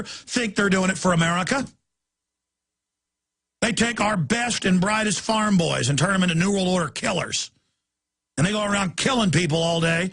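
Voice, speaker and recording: Gravelly ranting talk radio host. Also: male voice, high voice, a bit bright. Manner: ranting, emphatic, rapid-fire asides.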